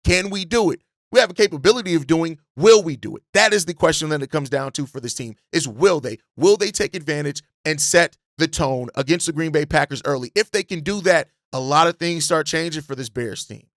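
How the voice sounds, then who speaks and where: A man's voice: fairly high pitch, a little fast, hardly any pauses, a bit bright, no echo, clean studio sound. A male sports podcast host giving passionate, profane fan commentary, often repeating words as he gets worked up.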